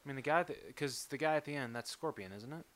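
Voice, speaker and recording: A man co-hosting a podcast in casual chat, easygoing, quick to agree and crack jokes. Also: mid-range voice, animated, a bit bright, no echo. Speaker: podcast co-host.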